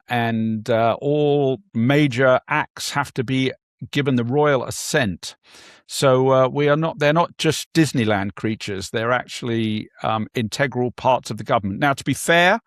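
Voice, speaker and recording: A man's voice: medium pitch, dry recording, studio quality. A man with an English accent co-hosting a podcast over a video call, talking in a wry, joking way. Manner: wry, joking, plummy banter. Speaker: podcast co-host. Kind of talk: casual political chat.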